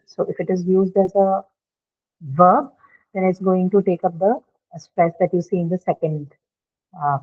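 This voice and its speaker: A woman teaching English pronunciation in a class, explaining patiently step by step and often checking with her students. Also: lowish voice. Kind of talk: online classroom lecture. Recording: tinny phone-like line.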